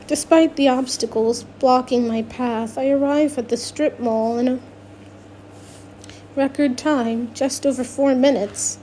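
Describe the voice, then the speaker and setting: Slow, mellow woman reading a novel aloud. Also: sits high, fairly even intonation, slight background noise. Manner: unpolished reading with restarts and self-corrections. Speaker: audiobook narrator. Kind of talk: first-person novel reading.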